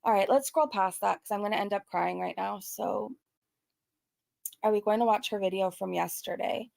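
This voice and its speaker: A woman's voice: medium pitch, moderate pace, creaky, a little mellow, no echo. A young woman talking casually and earnestly to her viewers, rambling with many fillers. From Southern California. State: choked up, near tears. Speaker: commentary YouTuber. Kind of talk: casual commentary vlog.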